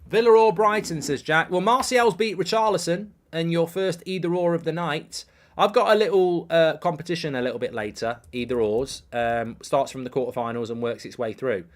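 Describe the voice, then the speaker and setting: Excitable man hosting a football watchalong. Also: a little high, normal speed. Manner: excitable, reads viewer messages aloud, repeats himself. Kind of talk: live match commentary and chat with viewers.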